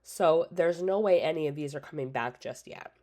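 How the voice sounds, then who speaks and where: A woman with a low-pitched voice chats her way through an old product catalog. She is casual and opinionated, often adds "like" and "so", and talks around a cough drop in her mouth. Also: normal speed, warm tone. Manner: chatty, opinionated, lots of "like" and "so". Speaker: independent scent consultant and channel host.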